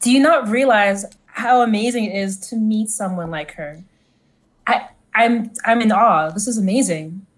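A woman's voice: mid-range voice, moderate pace. A woman playing a tabletop game in character, eager and gushing, tripping over her words. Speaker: player.

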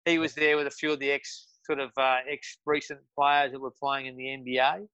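A man's voice: medium pitch, flat delivery, brisk, pushed and bright, smooth, dry recording, dull audio. A man with an Australian accent telling stories as a podcast guest, rambling with lots of restarts and fillers. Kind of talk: casual storytelling.

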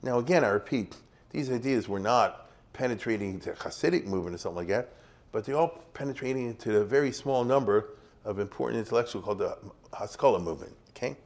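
A man's voice: mid-range voice, expressive, quick pace, darkish tone. A middle-aged man giving a casual history lecture, keeps checking in with his students and acting out small examples. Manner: conversational, checks in with "you see?" and "you get it?".

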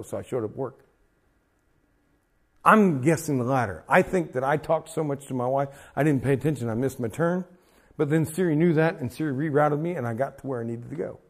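Animated preaching man, lively high voice. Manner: animated, swings from soft asides to loud emphatic peaks. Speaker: pastor. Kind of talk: sermon. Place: small gathering room.

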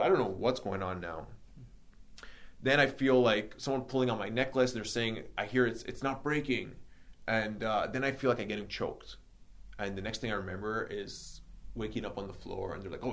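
This podcast host recounts something from his own life in an easygoing chat, lively and performing each line of dialogue, his speech full of fillers. He has a lowish voice and keeps a fairly quick pace.

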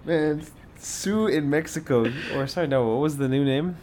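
A man in a relaxed, jokey chat, musing on the topic at hand. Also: fairly high pitch, moderate pace, a little hiss or hum. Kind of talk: casual chat.

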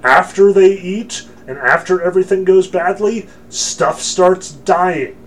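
A man's voice: sits high, slow pace, a little hiss or hum. A man lecturing on scripture in a casual, emphatic, joking way with frequent fillers. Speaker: religion lecturer.

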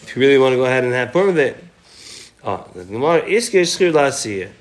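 A man's voice: medium pitch, big pitch swings, quick pace. Man teaching a chatty Talmud class. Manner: quotes Aramaic, then explains in chatty English.

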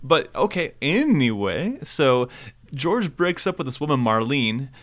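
A man's voice: medium pitch, sing-song, a bit bright. A man co-hosting a podcast in casual chat, playful and teasing. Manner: playful, teasing, quick to laugh. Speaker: podcast co-host.

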